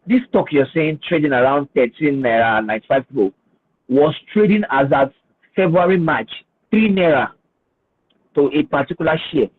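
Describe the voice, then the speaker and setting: Appearing as a finance guest on a screen-shared webinar, this man has a slightly high voice and an ordinary pace. He hesitates and repeats himself at first before explaining emphatically. The video-call audio sounds tinny and phone-like, carrying his husky tone.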